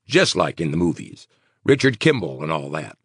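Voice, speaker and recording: A man's voice: low-pitched, very animated, normal speed, a bit bright, husky, no room sound, clean studio sound, exaggerated voice. A man voicing a tense, jittery small-town mayor. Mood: worried. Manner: tense, clipped, insistent. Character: nervous sweating middle-aged male mayor.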